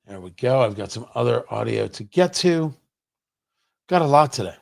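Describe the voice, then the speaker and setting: Animated, heated talk-show host man. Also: medium pitch, moderate pace, vocal fry. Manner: sarcastic, heated rhetorical questions. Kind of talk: political commentary livestream.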